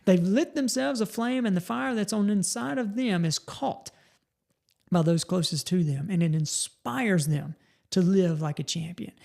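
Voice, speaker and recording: Gravelly man giving a motivational talk. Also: sits high, moderate pace, darkish tone. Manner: folksy, repeats and restarts words. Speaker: podcast host.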